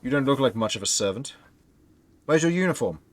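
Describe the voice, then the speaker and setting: A man's voice: medium pitch, animated, a little fast, natural voice. A man voicing a young, thin ghostly male butler who is proud of his post and speaks curtly and impatiently. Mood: irritated. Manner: curt, impatient questioning.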